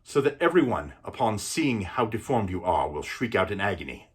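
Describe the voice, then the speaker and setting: A man's voice: on the low side, sing-song, normal speed, breathy edge. A man voicing a weak but defiant young male hero who taunts his enemy in a one-man film recital. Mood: taunting. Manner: taunting, scornful.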